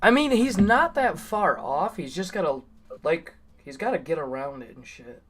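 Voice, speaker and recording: A man's voice: fairly high pitch, sing-song, moderate pace, fairly bright tone, husky. A man chatting casually on a stream, laid-back, swearing often and filling with "like". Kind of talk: casual chat.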